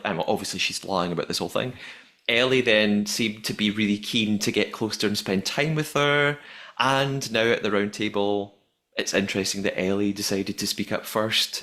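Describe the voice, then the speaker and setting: A man co-hosting a podcast, recapping an episode in casual chat, talking in quick bursts with frequent restarts. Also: lowish voice, fairly bright tone. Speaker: podcast co-host.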